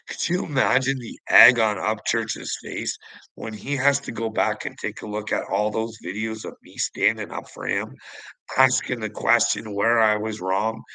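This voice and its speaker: Gravelly man ranting and taunting. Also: fairly low pitch, pushed and bright, no echo, poor audio. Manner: confrontational, taunting, profane. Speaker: online commentator. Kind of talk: ranting vlog monologue.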